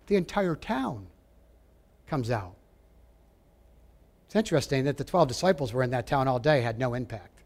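A man preaching a sermon, emphatic, asking his listeners direct questions and dropping to a hush at times. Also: a little high, expressive, normal speed. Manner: emphatic, rising and falling, drops to a hush for quoted lines; asks the audience direct questions.

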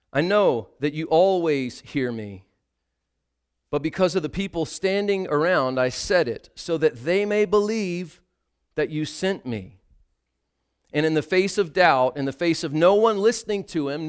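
A man preaching a sermon, dramatic, swinging between hushed quotes and loud calls. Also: fairly high pitch.

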